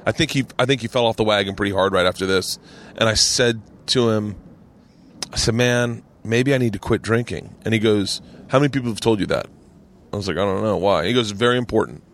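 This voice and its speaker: A man's voice: lowish voice, fairly quick, a bit bright, a little hiss or hum. A man hosting a podcast, chatting casually, rambling through stories and acting out what people said. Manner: rambling storyteller, acts out quotes, swears freely. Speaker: podcast host. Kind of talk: casual chat.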